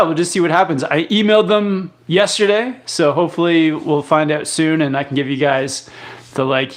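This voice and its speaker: A young man from Canada hosting a live stream, casually reading viewer comments aloud and answering with lots of fillers and restarts. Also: on the high side. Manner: relaxed, rambling, many fillers and restarts. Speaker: live chat host.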